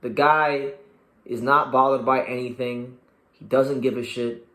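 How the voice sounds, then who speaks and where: A man's voice: mid-range voice, fairly even intonation, measured pace, a bit bright, roomy sound. A man hosting a boxing show, breaking down a fight in casual chat. He talks with lots of energy, swears casually, and stumbles and repeats words.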